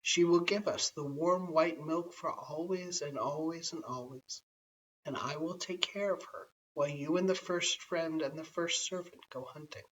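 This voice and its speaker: A man's voice: fairly high pitch, moderate pace, a bit bright, slight background noise, lightly acted. A man voicing a wise, teasing woman of the cave who laughs at a cat, in a bedtime story reading. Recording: slightly distant, dull lo-fi home recording.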